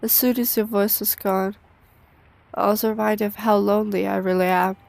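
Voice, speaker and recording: A woman's voice: medium pitch, little pitch movement, normal speed, vocal fry, lightly acted. A woman reading as a frightened young composer. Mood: wistful. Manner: hushed, fearful and pleading. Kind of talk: game dialogue read aloud.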